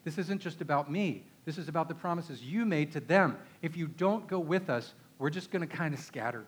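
A man's voice: fairly high pitch, fairly quick, husky. A man with a Texan accent preaching a conversational sermon, emphatic and often asking his listeners rhetorical questions. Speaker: pastor.

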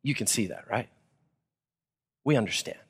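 A man from Texas, preaching a sermon and acting out people's thoughts in a casual, animated way. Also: on the low side, normal speed, slightly rough. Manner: animated, acts out listeners' thoughts in casual paraphrase. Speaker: pastor.

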